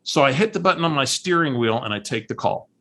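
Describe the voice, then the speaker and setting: A man coaching on a call, telling a story in an animated way and acting out the voices of the people in it. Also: mid-range voice, quick pace. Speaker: real estate coach.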